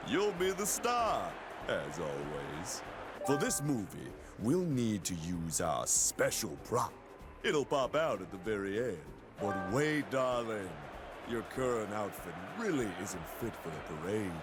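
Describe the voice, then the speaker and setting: A man's voice: on the low side, big pitch swings, a little slow, voice pushed down. A man voicing a flamboyant male penguin film director who calls everyone darling. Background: loud game music.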